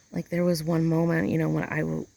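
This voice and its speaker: A woman's voice: low voice, vocal fry, warm tone. A woman talking casually in an outdoor vlog, rambling and emotional as she hunts for the right words. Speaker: vlogger. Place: outdoors in a yard chair.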